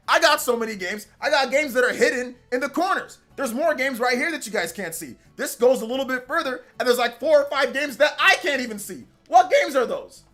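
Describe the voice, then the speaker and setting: This male gaming streamer runs a casual live stream with a very high-pitched voice. He's excitable, says things over again, and keeps chuckling at himself while he talks.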